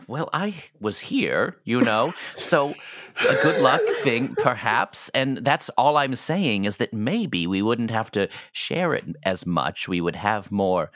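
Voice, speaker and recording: A man voicing a scheming older ex-teacher who talks in a hushed, conspiratorial, hesitant way in a tabletop roleplay. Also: mid-range voice, lively intonation, slow, no echo, clean studio sound. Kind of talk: actual-play roleplay.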